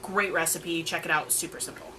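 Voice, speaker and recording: A woman co-hosting a casual chat over drinks, talking in an animated, sarcastic, ranting way. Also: deep voice, brisk, a little hiss or hum. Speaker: co-host.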